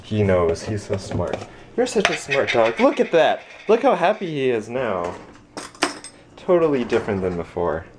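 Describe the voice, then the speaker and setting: A man's voice: mid-range voice, wildly swooping pitch, normal speed, noisy background. A young man vlogging casually, joking and talking to his dog in a playful baby-talk voice. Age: young adult. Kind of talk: casual vlog chat.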